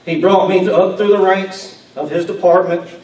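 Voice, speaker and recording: A man, a police chief reading a halting, emotional award speech and clearing his throat. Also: high voice, steady tone, darkish tone. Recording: echoey hall from far off with faint room noise.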